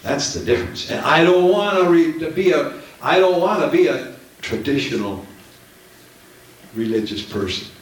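A man's voice: a little high, lively intonation, moderate pace, long pauses. A man preaching a Pentecostal sermon from the platform to his congregation, fervent and full of emphatic repetition. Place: church. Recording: very echoey church hall, mic at a distance, faint noise.

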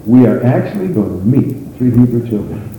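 A man preaching a sermon in an animated, folksy way, with frequent exclamations. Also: mid-range voice, a little fast. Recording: echoey hall with faint noise.

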